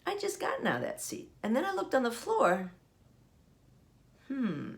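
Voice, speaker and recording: A woman's voice: on the high side, wildly swooping pitch, normal speed, gravelly, pauses often. An older woman hosting her own show from home, telling a funny story casually and laughing often as she goes. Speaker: podcast host.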